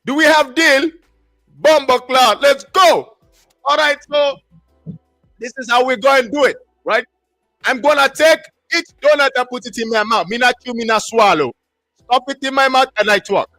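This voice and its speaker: A man hosting a casual live stream, talking in an excitable, repetitive, slangy hype style. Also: very high voice, normal speed, faint music behind. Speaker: livestream host.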